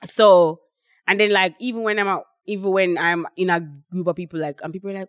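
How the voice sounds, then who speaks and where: A woman's voice: lowish voice, fairly even intonation, brisk, clean tone, dry recording, clean studio sound. A young woman with a Jamaican accent chatting casually on a podcast, rambling with lots of fillers and quoting what others say. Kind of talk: casual chat.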